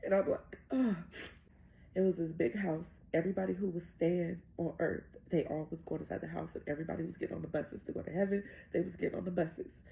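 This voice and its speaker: A woman with a very gravelly, dark, mellow voice recounts a dream as personal testimony. She tells it earnestly and breathlessly and quotes each exchange as she goes. Her tone is heartfelt and conversational. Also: lowish voice, steady tone, fast, few pauses. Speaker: mother telling of a dream.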